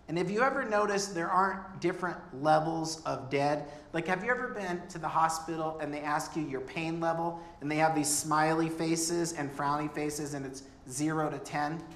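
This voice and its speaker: A man's voice: a little high, a bit bright. A man preaching a sermon as pastor, earnest and conversational, with humorous asides. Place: church. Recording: echoey church room.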